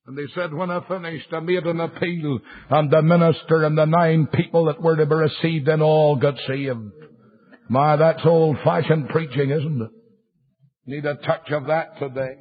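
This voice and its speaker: Gravelly older man preaching revival fire. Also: on the high side, a little slow. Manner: preaches in bursts, rising to shouts. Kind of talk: fiery revival sermon with anecdotes. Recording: muffled lo-fi sermon recording.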